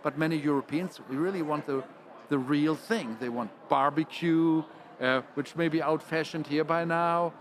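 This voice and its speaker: A man's voice: a little high, moderate pace. A man, speaking as a panel guest and often restarting his phrases. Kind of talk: panel discussion.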